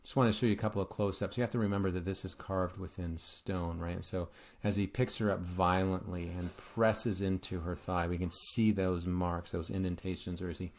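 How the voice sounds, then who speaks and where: A man teaching art history in a relaxed lecture, retelling a myth conversationally with many filler words. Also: low voice, brisk. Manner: conversational, frequent "uh" fillers and restarts; retells myths casually with a light humorous touch. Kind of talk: informal recorded lecture.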